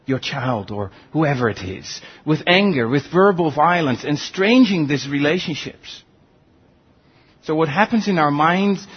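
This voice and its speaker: Male pastor, sermon delivery, slow and deliberate with a slightly raised pitch, dull lo-fi recording. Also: breathy edge. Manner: earnest, rhetorical questions, animated swings in pitch.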